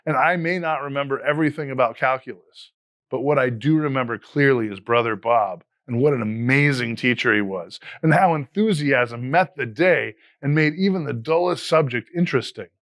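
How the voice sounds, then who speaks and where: Man, fifties, educator, motivational scripted talk, earnest, mid pitch, dry recording. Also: fairly bright tone, dry recording. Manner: earnest, motivational, measured delivery. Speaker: educator and podcast host.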